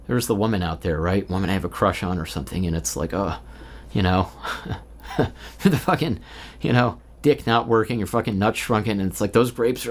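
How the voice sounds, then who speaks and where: A man in his thirties talks alone in a loose stream-of-consciousness vlog. His voice sits on the low side, and he rambles candidly with plenty of swearing and filler words. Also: a little fast. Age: 30s. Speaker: vlogger. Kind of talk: unscripted stream-of-consciousness monologue. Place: indoors, recording alone.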